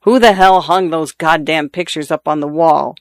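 A man's voice: on the high side, moderate pace, no echo, clean studio sound, lightly acted. A man reading a story aloud and voicing a bitter, idle husband who answers bluntly and sullenly. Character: bitter, idle husband, former athlete, drinking.

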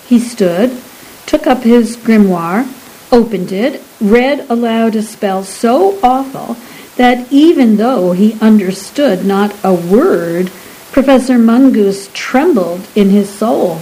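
A woman narrating a story in a measured audiobook reading. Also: medium pitch, dark tone, low-quality recording.

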